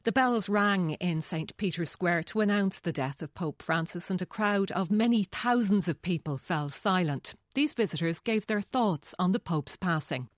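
A woman news presenter introducing reports and asking guests questions in a measured, formal way. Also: on the low side, dry recording, clean studio sound.

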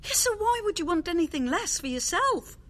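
A woman's voice: extremely high pitch, big pitch swings, fairly quick, a bit bright, pitched above the performer's own voice, heavily acted. A woman voicing an earnest, encouraging friend in a radio drama.

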